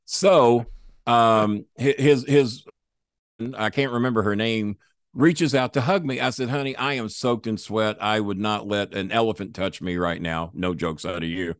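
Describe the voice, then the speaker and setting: A man's voice: on the low side, a little slow, no room sound, studio quality. A man telling a long profane story in a casual interview, acting out the voices of the people in it. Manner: profane, animated, acts out quoted voices. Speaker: guest storyteller.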